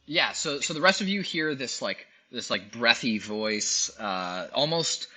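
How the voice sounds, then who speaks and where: A man narrating as game master of a tabletop game, halting with many restarts. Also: fairly high pitch, big pitch swings, pushed and bright, breathy edge, poor audio.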